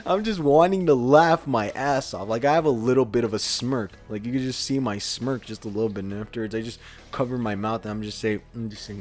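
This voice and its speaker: A man's voice: mid-range voice, fairly quick, few pauses, a little mellow. A young man co-hosting a podcast, telling a story in a rambling, casual way with lots of fillers and bursts of laughter. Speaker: podcast co-host.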